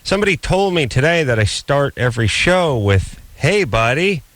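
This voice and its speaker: A man's voice: a little high, big pitch swings, moderate pace, a bit bright, no room sound. A man co-hosting a late-night call-in radio show, in casual, rambling, joking banter that mocks himself. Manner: rambling, joking, self-mocking.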